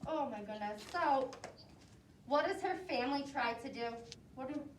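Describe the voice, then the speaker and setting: A woman preschool teacher reading a picture book aloud to young children, asking them questions as she goes. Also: high-pitched. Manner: slow, expressive, asks the children questions. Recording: roomy echo, voice from a distance, faint noise.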